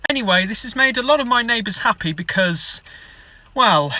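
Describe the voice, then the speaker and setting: A man's voice: high-pitched, lively intonation, normal speed, sharp tone. A man telling a pun joke in a playful way. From Britain.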